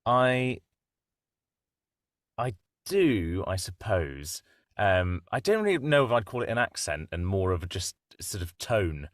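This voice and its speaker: A man, a voice actor guest, talking slowly and hesitantly in a casual interview. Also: low-pitched, sing-song, no echo, studio quality. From United Kingdom. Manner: slow, hesitant, thoughtful.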